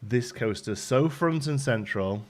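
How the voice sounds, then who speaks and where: A man's voice: mid-range voice, lively intonation, a little slow. A man hosting a casual live stream, greeting viewers by name and rambling with ums while out of breath.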